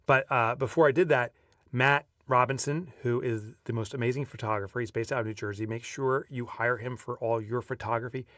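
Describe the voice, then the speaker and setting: A man reading his own audiobook aloud, lively as a storyteller and breaking off now and then for casual asides. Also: medium pitch, fairly quick, dry recording, clean studio sound, far from the mic. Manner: lively storyteller who breaks off to chat offhand. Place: video recording setup.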